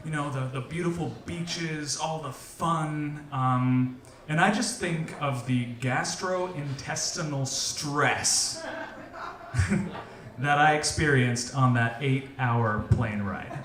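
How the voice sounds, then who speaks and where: Comic young man telling a story on stage. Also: on the high side. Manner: animated comic storytelling with many ums. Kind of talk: live personal storytelling. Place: event hall with audience. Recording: echoey hall from a distance.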